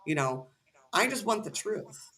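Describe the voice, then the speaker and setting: A woman's voice: mid-range voice, big pitch swings, a little slow, bright, forceful tone. A woman as a podcast guest, ranting heatedly and cursing freely in casual conversation.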